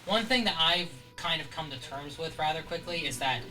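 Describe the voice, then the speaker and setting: Streamer host, bright tense voice, casual self-deprecating chat. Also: medium pitch, animated, moderate pace, far from the mic, soft background music, rough recording.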